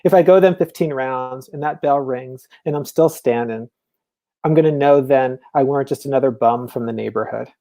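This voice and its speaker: A man reads the part of a plain-spoken, down-on-his-luck boxer in a mellow, low-key voice. He talks in quiet, halting phrases with rough everyday grammar. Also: lightly acted. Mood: resigned, determined. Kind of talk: reading a film scene aloud.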